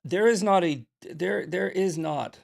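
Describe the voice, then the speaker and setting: A man's voice: high voice, measured pace, vocal fry, a little mellow. An American man hosting a political commentary show, talking in a heated, preachy way, swearing and repeating himself for emphasis.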